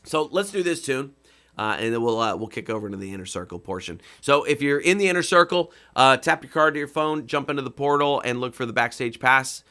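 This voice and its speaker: A man casually chatting with viewers on his live stream, rambling with many fillers and breaking into comic songs in a rough voice. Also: mid-range voice, animated, fairly quick, bright, forceful tone. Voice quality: rough singing voice. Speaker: comedy musician hosting a live stream.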